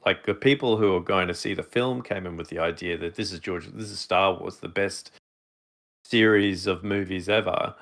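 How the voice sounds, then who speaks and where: A man's voice: deep voice, normal speed, fairly bright tone. A man co-hosting a podcast in casual chat, rambling with many fillers and restarts. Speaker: podcast co-host.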